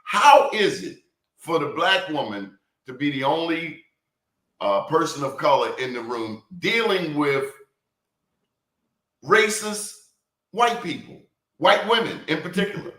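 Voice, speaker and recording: Male interview host, emphatic and deliberate, recorded with noticeable room echo. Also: fairly high pitch, sing-song, sharp tone. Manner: emphatic, deliberate, repeats words for stress. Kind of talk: hard-hitting interview. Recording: roomy echo.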